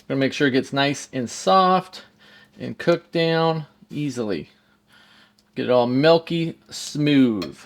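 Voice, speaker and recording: Man of middle pitch, easygoing cooking-video host who cracks jokes at the camera. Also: lively intonation, slow pace. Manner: jokey, talks straight to viewers. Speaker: home cook. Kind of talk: casual cooking demonstration.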